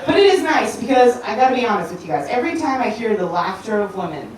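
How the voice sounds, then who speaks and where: A woman's voice: on the high side, sing-song, fast, darkish tone. Brash profane woman doing stand-up. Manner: brash, profane, laughs at own jokes. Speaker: stand-up comic. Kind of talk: stand-up comedy set. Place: house show in a room. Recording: echoey room, distant mic, noisy.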